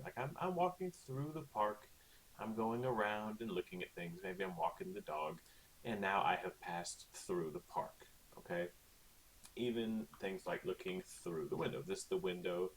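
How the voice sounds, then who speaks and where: A man's voice: low voice, slight background noise. A male teacher talking casually through a recorded online lesson, with lots of okays and ums. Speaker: Spanish teacher.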